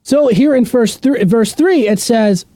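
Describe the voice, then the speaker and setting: A man's voice: very high voice, a little slow, mellow, dry recording. A man teaching a casual Bible study to his channel's viewers, emphatic and repeating words for stress.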